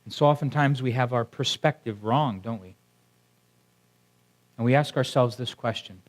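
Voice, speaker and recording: A pastor addresses his congregation in the sanctuary, speaking at a moderate pace in a medium-pitched voice with long pauses. He preaches conversationally and often stops to ask those in front of him questions.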